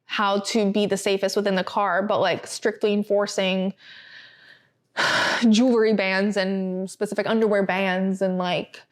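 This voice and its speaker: A woman's voice: mid-range voice, level tone, measured pace. A woman hosting a podcast, talking casually and animatedly, with filler words and laughs. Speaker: podcast host. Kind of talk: casual chat, reading a statement aloud.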